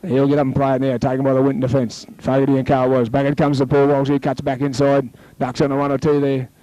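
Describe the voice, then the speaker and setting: A man with an Australian accent calling a local rugby league match play by play, chatting with his co-commentator and rising to excited shouts on tries. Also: medium pitch, fast, no room sound, rough recording.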